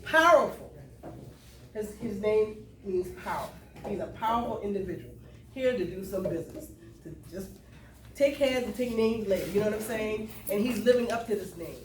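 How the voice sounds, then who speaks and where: At a cultural event, a middle-aged woman from South Carolina's Lowcountry offers an emotional testimony to the live audience at a normal speed, her medium-pitched voice somewhat dark in tone. She tells her story conversationally in a Southern style, calling out to the crowd, and faint room noise accompanies the roomy, far-off sound.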